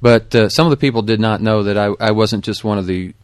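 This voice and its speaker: A man speaking as a guest in a casual commentary, hesitant and slow with many ums. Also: lowish voice, clear, resonant tone, no room sound, studio quality.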